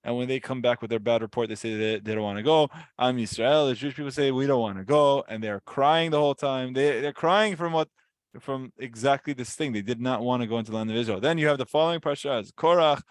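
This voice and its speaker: A man's voice: medium pitch, quick pace, no echo. A man giving a casual weekly Torah lesson, telling the story with animation and acting out voices. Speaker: Torah teacher.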